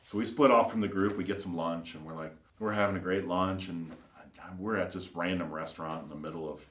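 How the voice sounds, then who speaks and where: Brief: man, low voice, car builder spinning loose anecdotes, lots of "like", roomy echo. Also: fairly even intonation, a little fast, fairly bright tone. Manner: rambling, filler-heavy, acts out quoted voices. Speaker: custom car builder and shop owner. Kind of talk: casual anecdotal storytelling.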